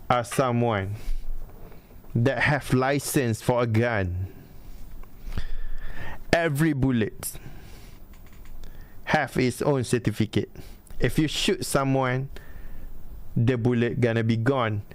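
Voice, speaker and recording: Slow, deliberate man. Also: medium pitch. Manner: deliberate, pauses to find words. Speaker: host. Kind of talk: casual Q&A chat.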